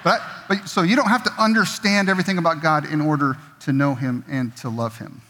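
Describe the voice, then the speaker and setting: A man's voice: on the high side, brisk, pushed and bright, slight background noise. A middle-aged man preaching a sermon in a church, conversational and jokey, slipping into quoted voices. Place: church sanctuary. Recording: long reverb of a church hall.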